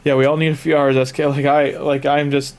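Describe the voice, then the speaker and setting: A man's voice: on the high side, flat delivery, fairly quick, darkish tone. Rambling Canadian man streaming a game. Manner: rambling, chatty, with frequent restarts. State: sleepy. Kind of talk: casual gaming commentary.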